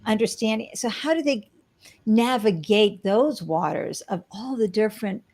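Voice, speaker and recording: A woman hosts an interview show with open enthusiasm, often affirming what her guest says. She speaks at a mid pitch with ready laughter. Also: lively intonation, measured pace, a little mellow. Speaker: podcast host. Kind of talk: interview hosting.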